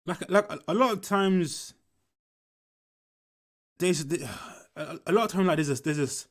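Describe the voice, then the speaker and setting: A man's voice: on the high side, a little slow. A young man, telling a school story casually while commenting on a film, swearing often and repeating himself. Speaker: movie reaction commentator.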